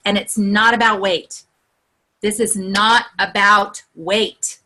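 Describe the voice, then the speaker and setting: A woman leading a video-call coaching session, excitable and earnest, her voice climbing high when she gets excited. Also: takes it slowly. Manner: earnest and encouraging, building to heartfelt pep talk. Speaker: group leader.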